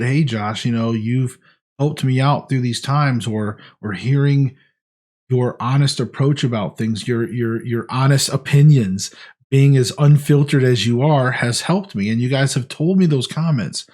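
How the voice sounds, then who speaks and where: A man's voice: medium pitch, darkish tone. A man talking casually in a diet vlog, earnest and rambling with frequent restarts. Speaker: vlogger.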